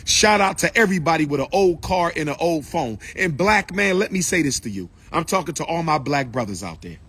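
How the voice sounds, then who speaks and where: A man's voice: fairly high pitch, very animated, brisk, a bit bright, slightly rough. A man giving an impassioned, repetitive lecture and calling out to his listeners. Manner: preachy, repetitive, calls out to the audience. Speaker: speaker addressing an audience.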